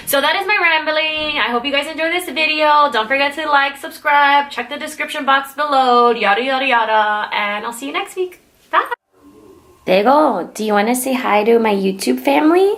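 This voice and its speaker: A woman's voice: fairly high pitch, moderate pace, gravelly. A young woman in casual vlog chat, talking in a rambling way with many filler "likes". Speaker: vlogger.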